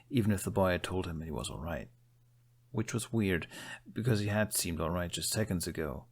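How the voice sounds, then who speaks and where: A man narrating a fan fiction audiobook in a steady, measured storytelling manner. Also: sits low, creaky.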